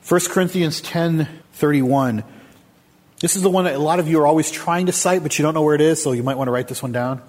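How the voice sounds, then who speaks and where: A man delivers an emphatic sermon in a slightly higher-than-usual register, his voice a little husky. He keeps asking the congregation questions. A long reverb trails behind him, as in a church hall. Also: fairly quick, darkish tone. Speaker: pastor.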